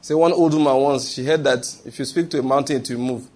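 Preaching fast in a husky, slightly mellow voice of medium pitch, this man keeps a steady tone. His sermon is emphatic, and he often tosses the congregation a question before supplying the answer himself.

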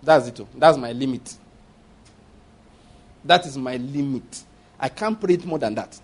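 A man preaching a sermon as a pastor, animated, repeating phrases and acting out prayers and dialogue. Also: medium pitch, measured pace. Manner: repeats phrases and asks the audience for agreement.

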